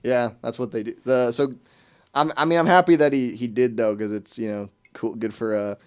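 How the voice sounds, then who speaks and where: A man's voice: mid-range voice, fairly even intonation, moderate pace, clean tone. A young American man hosting a radio show, chatting casually and rambling with lots of restarts. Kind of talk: casual chat.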